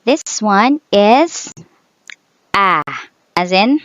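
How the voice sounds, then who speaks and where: A woman's voice: mid-range voice, animated, takes it slowly, pauses often, no echo. A woman teaching English vowel sounds, saying each example word twice and drawing the sounds out carefully. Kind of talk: slow phonetics lesson. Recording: dull, dry sound.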